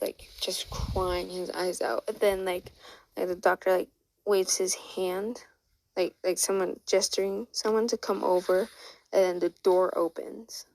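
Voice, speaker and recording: A woman's voice: mid-range voice, vocal fry, darkish tone, no room sound, low-quality recording. A woman casually retelling a fan story, rambling with lots of fillers.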